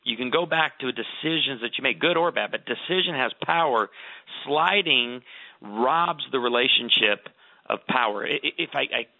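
A man's voice: mid-range voice, normal speed, no echo. A middle-aged man giving earnest advice, telling stories with emphasis in a conversational talk. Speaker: guest author. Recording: tinny phone-like line.

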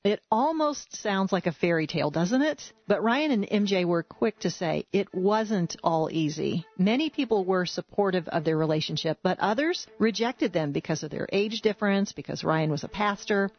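A woman's voice: mid-range voice, animated, normal speed, hardly any pauses, dull audio. A woman host narrating and summarizing a couple's story. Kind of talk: scripted narration.

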